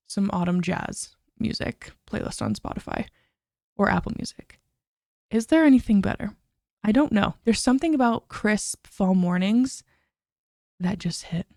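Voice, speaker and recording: A young woman hosts her podcast in a bubbly, gushing chat, piling on little exclamations. Her voice sits at an ordinary middle pitch for a woman. The recording is dry and close, with no room sound. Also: a little mellow, no room sound. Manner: bubbly, gushing, chatty with frequent "like" and "oh my gosh". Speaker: podcast host. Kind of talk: casual chat.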